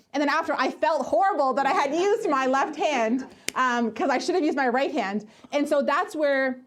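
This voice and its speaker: A woman pastor co-leading a conference workshop, explaining in a conversational way through personal anecdotes. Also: a little high. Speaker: connections pastor.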